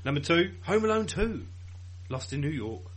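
A man's voice: fairly high pitch, big pitch swings, moderate pace, husky. Laughing man hosting a quiz. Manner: laughs often, announces quiz answers. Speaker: quiz host. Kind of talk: casual podcast banter. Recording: noticeable background noise.

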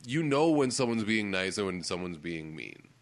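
A man hosting a casual chat, relaxed and joking, quick to laugh along. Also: sits low, no room sound.

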